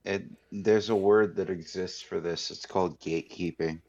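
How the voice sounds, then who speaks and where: A man's voice: low voice, fairly even intonation, normal speed, darkish tone. A man co-hosting a podcast in casual chat, giving short, matter-of-fact replies. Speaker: podcast co-host. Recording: dull lo-fi sound.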